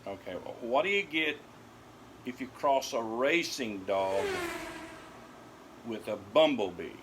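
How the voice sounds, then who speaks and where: A man's voice: mid-range voice, expressive, unhurried, noisy background. An older man telling corny dog jokes at home to his dogs, laughing at his own puns and then explaining them. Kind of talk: corny joke routine.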